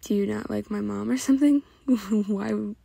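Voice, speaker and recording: A woman's voice: mid-range voice, vocal fry, mellow, slightly rough, dry recording. A woman voicing a moody teenage girl who takes offense easily. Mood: prickly. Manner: touchy, quick to take offense.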